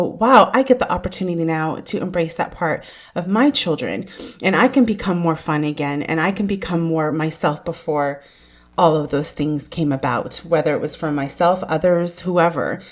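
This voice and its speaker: A woman in her thirties hosting a podcast, telling stories in a casual chat and laughing often. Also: fairly low pitch. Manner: warm storytelling, laughs often. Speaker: podcast host.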